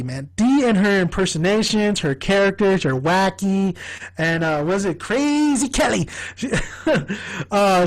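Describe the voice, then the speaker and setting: A man's voice: sits high, poor audio. A man giving a casual video review of a TV comedy, rambling, swearing freely and laughing often. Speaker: TV show reviewer.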